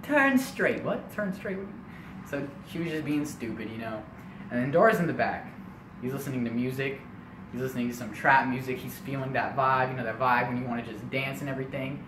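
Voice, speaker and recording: A young man telling a comedic family story in an animated way, full of casual asides. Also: mid-range voice, fast talker, distant mic. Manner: animated, lots of filler asides. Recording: echoey room, faint noise.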